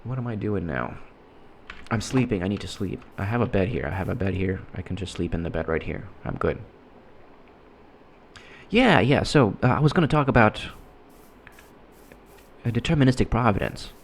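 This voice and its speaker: A man giving casual, rambling commentary while playing a game, halting and restarting his sentences often. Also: fairly low pitch, animated, a little hiss or hum. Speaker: gameplay commentator.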